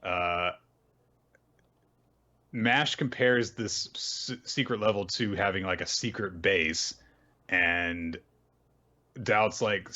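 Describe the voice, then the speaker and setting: A deep-voiced man hosts a podcast and walks through a manga chapter in a loose, rambling way. He speaks in a bright, forceful tone and drops in wry asides. The audio is dull and lo-fi. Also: takes it slowly, long pauses. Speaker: podcast host. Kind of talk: casual manga recap chat.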